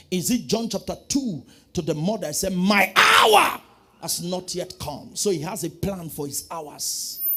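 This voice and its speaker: A man preaching a sermon, calling out to the congregation and swinging from quiet asides to shouting. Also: a little high, breathy edge. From Nigeria. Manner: preaching with call-and-response, swinging from soft to shouting. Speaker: pastor.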